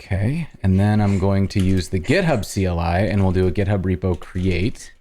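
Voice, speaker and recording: Host, male, deep voice, narrates his coding steps casually, keys clacking behind. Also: dark tone. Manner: talks through each step as he types, halting restarts. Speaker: host live-coding on stream. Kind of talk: casual live-coding chat.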